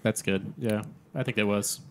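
A man's voice: lowish voice, steady tone, normal speed, a little mellow, slight background noise. A man co-hosting a casual gaming podcast, with dry, teasing banter. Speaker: podcast co-host.

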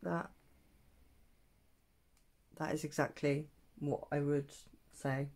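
A young woman's relaxed makeup vlog, spoken slowly in a lowish voice. She muses over each question, pausing with plenty of ums and teasing herself gently. It sounds close and casual, like she's talking to camera while working. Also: a little hiss or hum. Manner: thinking aloud with many ums, self-teasing. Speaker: beauty vlogger. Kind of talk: chatty makeup tutorial vlog.

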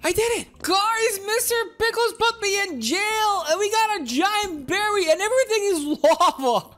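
A woman commenting on her gameplay to her viewers, animated, yelling and laughing as she plays. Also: very high-pitched, moderate pace. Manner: animated, squealing and laughing at the game. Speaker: gaming video host.

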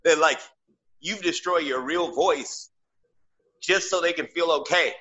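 A man's voice: on the high side, unhurried, pushed and bright. A man co-hosting a casual podcast, talking emphatically and leaning hard on filler words. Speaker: podcast co-host.

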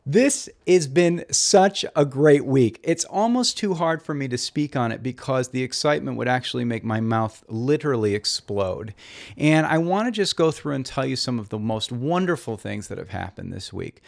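Deadpan male comedy host, mid-pitched, rambling and hesitant, mock-sincere. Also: normal speed, creaky. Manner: rambling, full of fillers and restarts, deadpan. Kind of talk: mock-earnest comedy monologue.

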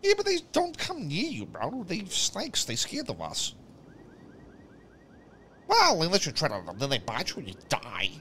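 Young man, swings his pitch all over, bright edgy tone, slangy casual chatter. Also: wildly swooping pitch, measured pace, long pauses, slight background noise. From Australia. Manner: slangy, swears a lot, says bro constantly. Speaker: game streamer chatting out of character. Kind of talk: casual voice chat.

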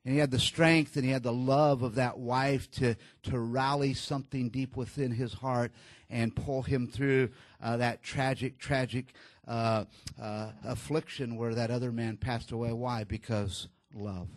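A man preaching a sermon, telling a story in a low, hushed voice at the tender moments and rising louder when he exhorts, with many fillers and restarts. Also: level tone, unhurried, dry recording.

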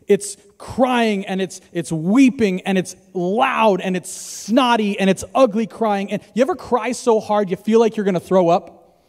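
A man in his thirties preaching a sermon as a pastor, moving between loud emphasis and hushed near-whispers. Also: high-pitched. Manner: dynamic, swings from loud to hushed. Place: church hall. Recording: church hall with long reverb.

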